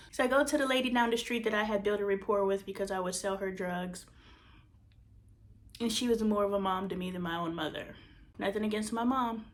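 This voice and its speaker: A woman podcast host telling an emotional personal story, candid and profane, moving from emphatic bursts to hushed near-whispers. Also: mid-range voice.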